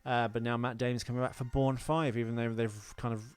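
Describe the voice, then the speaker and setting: A man's voice: medium pitch, flat delivery, a little fast. A man co-hosting a podcast in casual chat, talking about films and acting out quoted lines. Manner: chatty film buff, acts out quoted lines. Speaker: podcast co-host.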